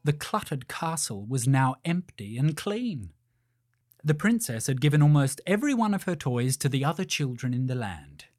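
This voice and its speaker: A man narrating a children's storybook in a gentle, measured way. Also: a little high, big pitch swings, dry recording, clean studio sound, soft background music.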